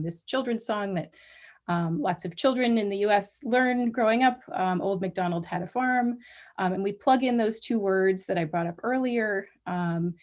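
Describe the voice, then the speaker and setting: A woman giving an academic colloquium talk over a video call, measured and full of small restarts. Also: medium pitch. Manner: measured, many ums and restarts. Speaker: guest lecturer.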